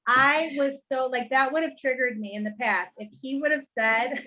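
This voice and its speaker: A woman's voice: high-pitched, animated, normal speed, hardly any pauses, bright, forceful tone, muffled recording. A woman co-hosting a casual talk over a video call, telling a testimony with laughter and playful energy. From Ohio. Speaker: co-host sharing a testimony. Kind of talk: casual storytelling chat.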